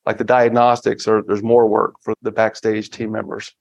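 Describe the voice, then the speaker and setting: A man in his fifties, a guest on a business podcast, talking casually and with energy, often breaking into excited quoted asides. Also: on the low side, normal speed, creaky. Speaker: podcast guest, finance firm founder. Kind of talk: casual interview talk. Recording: slightly dull lo-fi audio.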